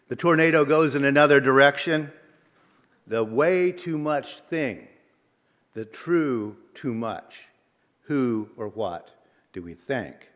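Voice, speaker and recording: A male minister giving a sermon in a measured, reflective way, posing questions to the congregation. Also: mid-range voice. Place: church sanctuary. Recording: long reverb of a large sanctuary.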